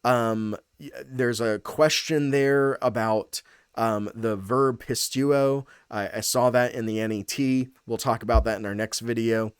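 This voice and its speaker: A man's voice: mid-range voice, fairly even intonation, measured pace, clear, resonant tone, no room sound, studio quality. A man in his thirties, a pastor, walking through a passage in a casual teaching style, thinking aloud with many fillers and restarts.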